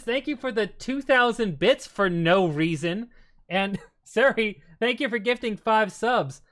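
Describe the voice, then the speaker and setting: A man streaming live, chatting casually and bantering excitably with his chat, sometimes yelling in mock outrage. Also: high-pitched, a little slow.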